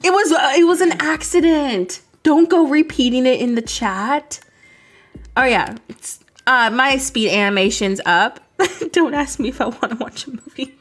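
A woman's voice: sits high, expressive, moderate pace. A young woman from the United States, chatting casually and laughing while streaming a video game. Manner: chatty, laughing, rambling with fillers.

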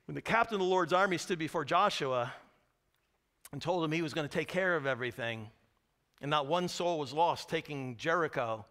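A pastor with a slightly high voice and a brisk pace preaches a sermon, telling the story with lively energy. He acts out the screams and cries, then drops to a hush at the solemn moments.

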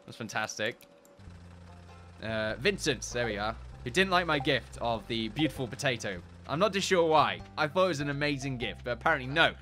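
A young man giving casual, joking commentary while playing games, chatty and quick to swear and laugh. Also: mid-range voice, animated, pushed and bright, faint music behind. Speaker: gaming YouTuber. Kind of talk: casual let's-play commentary.

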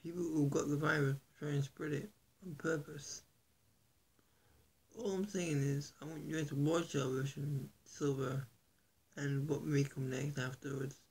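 A man vlogging to his viewers in an earnest, halting, soft-spoken way, with a gravelly, husky voice. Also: on the high side, steady tone. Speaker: YouTuber. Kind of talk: casual vlog to camera.

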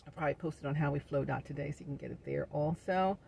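A middle-aged woman, talking in a chatty vlog with preacher-like asides, quick to laugh. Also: deep voice, vocal fry, dark tone, slight background noise. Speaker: vlogger. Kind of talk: casual inspirational vlog talk.

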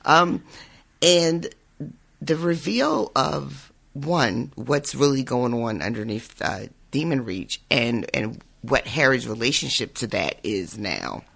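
A man's voice: medium pitch, animated, slow, vocal fry, fairly bright tone, slightly rough. A man co-hosting a podcast in casual chat, feeling unwell and laughing often. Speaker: podcast co-host.

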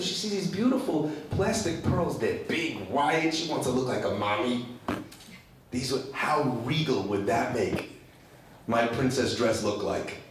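A rabbi giving an animated sermon, telling stories and asking rhetorical questions. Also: male voice, medium pitch, a little hiss or hum. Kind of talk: sermon with storytelling. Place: large hall at a women's gathering. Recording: echoey hall from far off.

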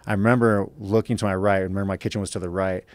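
Deep, fast-talking man. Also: steady tone, darkish tone, no room sound. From Los Angeles, USA. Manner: profane, rambling with frequent "right?". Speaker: podcast guest, fighter. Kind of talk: casual storytelling.

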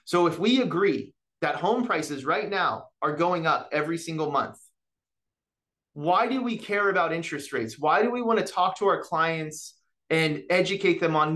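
Speaking at a normal pace in a fairly high voice, a man animatedly presents mortgage market news to real estate agents. He keeps adding "right?" to his points and acts out client conversations, in what seems to be an office meeting or an online session with chat.

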